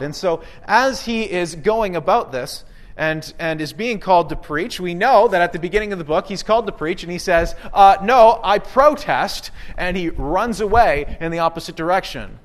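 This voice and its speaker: Male pastor, sermon, animated delivery, slightly high voice. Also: normal speed. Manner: animated, acts out quoted voices with big swings.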